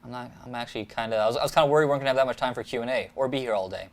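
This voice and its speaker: A man's voice: mid-range voice, very fast. A man hosting a casual live stream, easygoing and agreeable, reading viewer comments aloud. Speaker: host.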